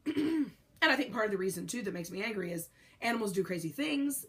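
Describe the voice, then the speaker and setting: A young pregnant woman talking candidly to the camera in a rambling, casual way, with many fillers. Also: medium pitch. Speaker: pregnant vlogger.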